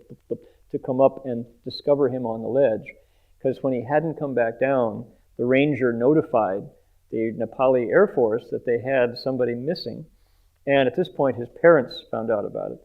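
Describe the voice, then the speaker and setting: A man's voice: medium pitch, gravelly. Man telling a story over tinny audio. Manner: vivid storyteller with sound effects. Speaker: interviewer retelling a guest's story. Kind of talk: animated storytelling.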